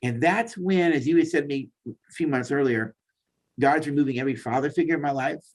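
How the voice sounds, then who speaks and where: His voice is a little high and a little fast. A guest therapist, he tells a heartfelt personal testimony in conversation, acting out the exchanges, with tears coming at times.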